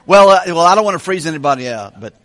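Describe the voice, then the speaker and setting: A man preaching a Bible study sermon with animated, questioning delivery in a church hall. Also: a little high, fast. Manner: animated, asks questions of the congregation. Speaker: pastor.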